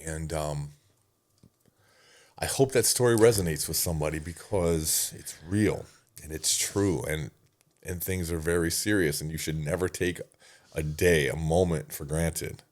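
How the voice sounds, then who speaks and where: A man's voice: a bass voice, unhurried. A middle-aged man, a podcast guest, telling an emotional personal story in earnest, sometimes swearing and dropping almost to a whisper. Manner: emotional, earnest, swearing at times, drops to near-whisper in sad moments.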